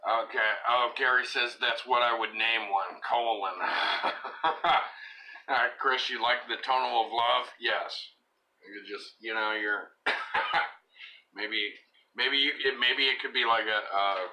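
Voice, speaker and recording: A man's voice: medium pitch, steady tone, slow pace, sharp tone, a little hiss or hum, low-quality recording. A man hosting a casual live show, reading out viewer comments and rambling with lots of fillers and giggles.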